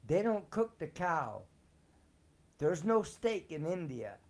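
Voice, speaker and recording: A man with a fairly high-pitched voice tells personal stories in a relaxed, slangy way. He swears freely and breaks into laughter often. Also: slow. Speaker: storyteller on a live show. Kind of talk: casual storytelling.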